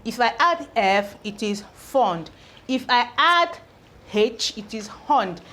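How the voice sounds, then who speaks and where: A woman's voice: fairly high pitch, animated, takes it slowly, bright, forceful tone. A woman teaching an English spelling lesson, repeating each word and checking in with "okay?". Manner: repeats each word several times, ends points with "okay?".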